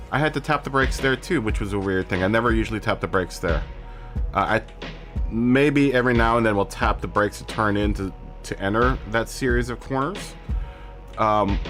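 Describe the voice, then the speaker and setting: A man's voice: mid-range voice, a bit bright. A man hosting a casual live gaming stream, chatting in a rambling way, correcting himself and laughing often.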